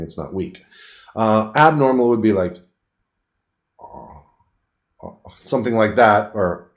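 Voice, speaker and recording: A middle-aged paramedic instructor demonstrates a clinical exam on camera, his pitch rising and falling widely as he explains each step. He teaches in lively, plain everyday words and pauses now and then for quick demonstrations of the moves.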